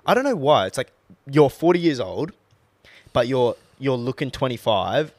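A man's voice: medium pitch, very animated, normal speed, dry recording. A young man co-hosting a podcast in casual chat, laid-back and swearing freely. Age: young adult. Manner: laid-back, swears a lot, trails off with fillers. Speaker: podcast co-host.

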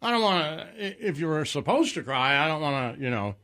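Joking guy co-host, bright tense-ish voice, bit high. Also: fairly quick. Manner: joking, animated in quoted asides. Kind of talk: casual chat.

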